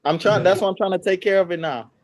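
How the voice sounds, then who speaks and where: A man's voice: high-pitched, fast, rough recording. A twenty-year-old man, a defendant at a court hearing, speaking in a subdued, apologetic way.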